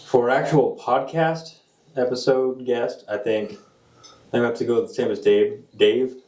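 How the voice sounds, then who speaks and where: A man on a podcast panel who speaks casually in brief, halting remarks. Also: mid-range voice, fairly even intonation, mellow. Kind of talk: casual chat. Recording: roomy, distant from the mic.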